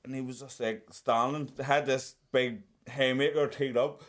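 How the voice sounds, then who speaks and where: A young man co-hosting a casual podcast, cutting in eagerly to add details to a shared story. His voice sits at an ordinary middle pitch, and his lively back-and-forth suits a boxer chatting with a friend. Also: unhurried. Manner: animated, chimes in and adds detail.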